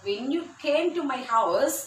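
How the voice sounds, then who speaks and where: A woman teacher with a Telugu accent giving a grammar lesson, repeating each phrase slowly. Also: high voice, expressive, a little hiss or hum. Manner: slow, repetitive, drills phrases. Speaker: school teacher. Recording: echoey room, distant mic, faint ambience.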